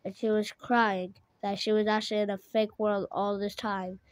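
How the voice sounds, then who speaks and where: A woman's voice: medium pitch, level tone, moderate pace, dry recording. A woman telling an improvised story in a rambling way, often stopping to correct herself.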